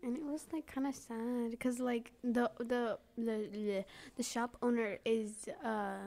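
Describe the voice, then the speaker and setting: A woman's voice: on the high side, fairly even intonation, unhurried, mellow. A teenage girl chatting casually with friends, hesitant, often trailing off with fillers. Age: teens. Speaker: podcast co-host. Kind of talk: casual chat.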